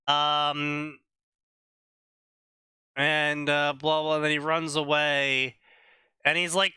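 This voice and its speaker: A man's voice: on the high side, little pitch movement, slow, long pauses, sharp tone, clean tone, dry recording, studio quality. A young man co-hosting a comedy show, casually summarizing a story in rambling fashion with lots of filler. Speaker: co-host reading fanfiction.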